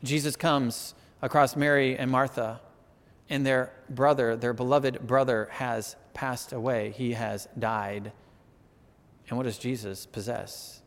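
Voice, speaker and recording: A man preaching a sermon, animated and conversational, often asking "right?" and building to emphatic peaks. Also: medium pitch, slow, big-room sound. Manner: conversational, asks the audience "right?".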